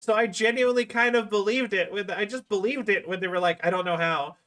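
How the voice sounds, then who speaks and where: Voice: mid-range voice, fairly quick, fairly bright tone. A livestreamer chatting casually to viewers, rambling with lots of fillers and restarts. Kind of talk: casual live-stream chat.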